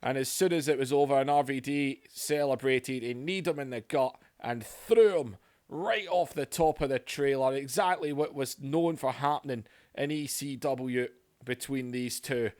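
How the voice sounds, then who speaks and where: A man giving excitable play-by-play commentary over a video game, going from low chatter to yelling. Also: moderate pace. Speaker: gaming channel host.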